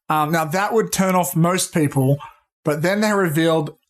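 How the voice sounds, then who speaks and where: Excitable, foul-mouthed man on a podcast. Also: on the high side. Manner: excitable, swears freely, says "dude". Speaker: podcast co-host. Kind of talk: casual pop-culture chat.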